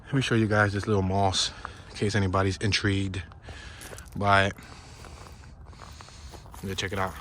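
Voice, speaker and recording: Excitable man hiking a trail outdoors. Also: deep voice, normal speed, long pauses, slight background noise. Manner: excitable, playful, whoops and laughs. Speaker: vlogger narrating a hiking walk. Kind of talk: casual walk-and-talk narration. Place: outdoors on a wooded marsh trail in winter.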